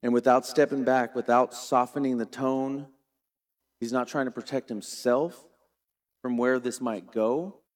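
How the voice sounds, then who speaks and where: Man, middle-aged, preacher, dramatic sermon delivery, mid pitch. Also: steady tone, unhurried. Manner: dramatic storytelling preacher, varies volume widely. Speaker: pastor.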